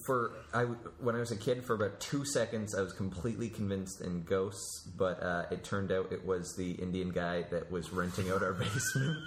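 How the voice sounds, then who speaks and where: A man's voice: deep voice, normal speed, hardly any pauses. A man chatting casually, telling a childhood story with many hesitations and laughs. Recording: echoey room with faint noise.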